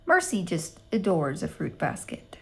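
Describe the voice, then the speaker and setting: A woman's voice: on the low side, sing-song, measured pace, creaky, full character voice. A woman voicing a chatty neighbor woman who trills and gushes over everything. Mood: gushing. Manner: trilling and gushing.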